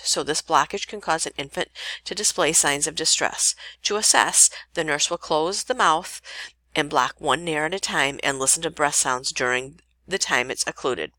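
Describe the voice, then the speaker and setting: A woman nursing instructor reading a lecture podcast in a steady way, now and then correcting herself mid-sentence. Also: sits low, no echo.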